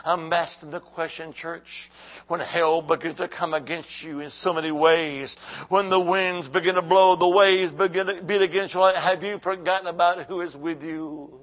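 A man pastor preaching a sermon to his church, calling out to the congregation and swinging from hushed lines to shouted ones. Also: fairly high pitch, steady tone, moderate pace.

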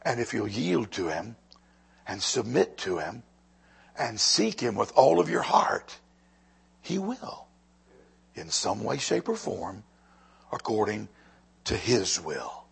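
A man preaching a sermon with a raspy voice, moving between quiet, slow emphasis and loud, lively passages. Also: lowish voice. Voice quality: husky. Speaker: pastor.

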